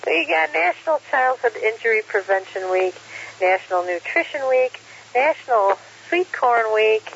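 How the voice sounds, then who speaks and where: A man's voice: extremely high pitch, moderate pace, creaky. A man running a ham radio net, casually reading out the day's holidays with jokes and frequent fillers. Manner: relaxed, joking, frequent uh fillers. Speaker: net control operator on amateur radio. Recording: lo-fi radio audio with faint hiss.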